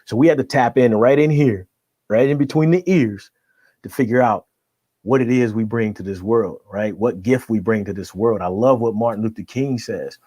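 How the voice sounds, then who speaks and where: A man's voice: on the low side, moderate pace, dark tone, no room sound. A middle-aged man, a guest coach, giving emphatic motivational talk on a podcast and checking in with his listener after each point. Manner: emphatic, keeps checking in with "right?".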